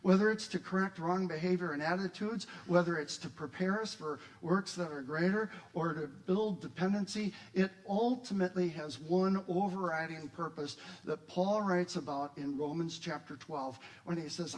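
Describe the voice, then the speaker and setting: A middle-aged male pastor preaching a sermon, animated, acting out quoted voices with rising volume. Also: sits high, normal speed, hardly any pauses, rough recording.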